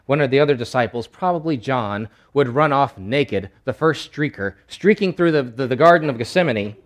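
A man preaching a sermon, emphatic, swinging from loud bursts to low asides and acting out quoted voices. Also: animated, moderate pace.

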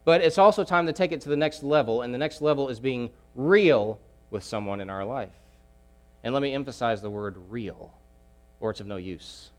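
A man preaches a sermon emphatically, repeating key phrases and swinging between loud pushes and hushed asides. His pitch is medium and his speed normal.

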